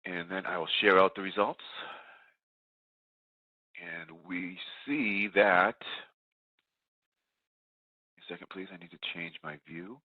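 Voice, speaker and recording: A man with a deep, low voice and a congested, stuffed-up sound from a cold runs audience polls in a steady, procedural way. His voice comes through a tinny, phone-like line. The sound is dry, with no room around it. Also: takes it slowly, long pauses, no echo. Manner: steady, procedural, self-correcting. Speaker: webinar moderator.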